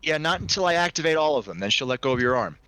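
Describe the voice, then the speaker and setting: Male game master, bright voice, casual and crude, dry close sound. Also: a little high, expressive, rapid-fire, clear, resonant tone, no echo. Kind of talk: narrating a tabletop role-play game.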